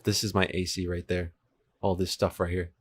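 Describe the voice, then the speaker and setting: A young man in his twenties speaks in a low, breathy voice with little pitch movement and a moderate pace. He's chatty and laid-back on a livestream, answering viewers' chat while coding a game server from a home room where an air conditioner runs. He uses a desk microphone, switching between two.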